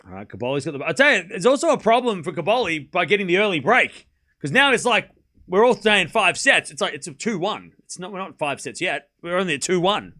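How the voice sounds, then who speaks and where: A man's voice: high-pitched, very animated, brisk, sharp tone. A man hosting a live tennis watchalong stream, calling points and thanking viewers in casual chat. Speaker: livestream host.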